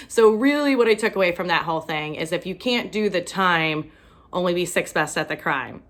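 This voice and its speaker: A woman's voice: on the low side, fairly bright tone. Self-mocking young woman doing stand-up. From Ohio, USA. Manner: self-deprecating, laughs at her own jokes. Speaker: stand-up comedian. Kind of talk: stand-up comedy set.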